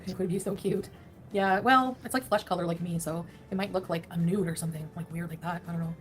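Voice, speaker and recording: Quick, chatty woman livestreamer. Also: lowish voice, steady tone. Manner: chatty, rambling, laughs at herself. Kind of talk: casual chat with viewers.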